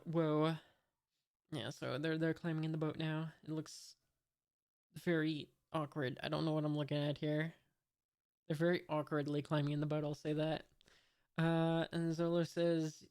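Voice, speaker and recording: A man's voice: a little high, darkish tone, clean tone. A man from the United States reading a comic aloud for the first time, describing each panel and adding hesitant, wry asides. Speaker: manga reader, channel host.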